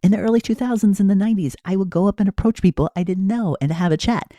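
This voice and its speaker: A man in his forties from the United States narrates in an earnest, musing way. His voice is mellow and sits fairly high. The recording is close and dry. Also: fast talker, dry recording. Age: 40s. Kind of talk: reflective narration.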